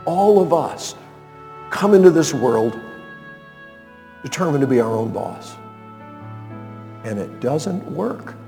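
Slow, emphatic preaching pastor. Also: male voice, on the high side, animated, gravelly, warm tone, in a large hall, faint music behind. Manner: emphatic, rhetorical questions to listeners. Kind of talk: radio sermon.

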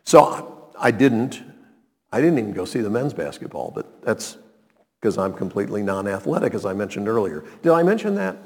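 An older man telling a personal story to a live audience, animated, with sudden emphatic exclamations and wry asides. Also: on the low side, moderate pace, breathy edge. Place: hall with a seated audience. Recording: long hall reverb, live room.

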